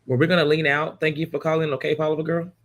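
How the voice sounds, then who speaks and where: A man hosting a live podcast, relaxed and easygoing, giving short affirmations and signing off casually. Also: fairly high pitch, fast. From California. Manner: relaxed, brief affirmations, easygoing sign-offs. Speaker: podcast host.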